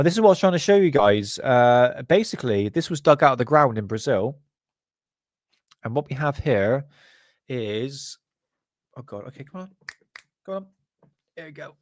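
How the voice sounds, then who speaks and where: A man's voice: medium pitch, no echo. Crude joking man, dry sound. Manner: crude, joking, laughs often. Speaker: channel host. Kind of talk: casual commentary on paranormal photos.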